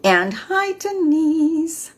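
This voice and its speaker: A woman's voice: high voice, sing-song, drawn-out words. A woman in her fifties giving an earnest motivational talk on a live stream, often ending her points with a questioning "right?". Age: 50s. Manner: earnest, tags lines with "right?". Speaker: midlife wellness host.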